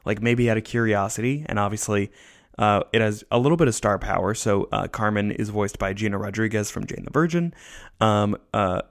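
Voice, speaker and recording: A man talks through a casual podcast review in a lowish voice with plenty of vocal fry. He sounds tired and rambles loosely, often making fun of himself. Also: brisk. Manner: rambling, loose and self-deprecating. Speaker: podcast host.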